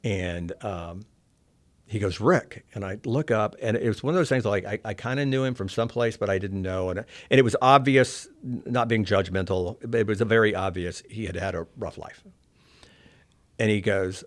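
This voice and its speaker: A middle-aged man from Oklahoma telling a candid personal story, soft-spoken and reflective, often trailing off quietly. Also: on the low side, moderate pace. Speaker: interview guest.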